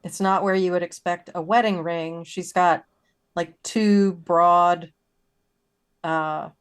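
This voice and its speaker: A woman playing a confused character in a horror tabletop game, speaking hesitantly with many pauses and ums. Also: lowish voice, fairly even intonation, smooth. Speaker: player.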